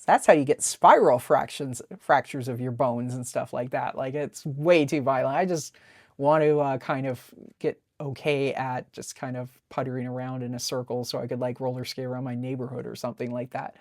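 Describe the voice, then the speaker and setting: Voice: medium pitch, steady tone, moderate pace, no echo, studio quality. A webcomic artist casually narrating a sketchbook tour, talking in a rambling, chatty way with many fillers.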